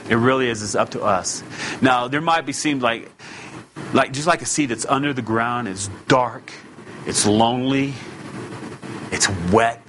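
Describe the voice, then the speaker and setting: Male preacher, mid pitch, conversational sermon that swells to urging, faint background hiss. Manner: emphatic and conversational, rising to loud exhortation.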